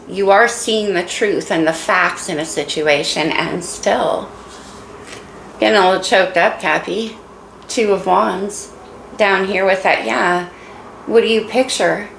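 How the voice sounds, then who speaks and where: A woman's voice: on the low side, gravelly, a bit bright, reverberant, slight background noise, low-quality recording. A woman giving an encouraging, emotional tarot reading while losing her voice. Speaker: tarot reader.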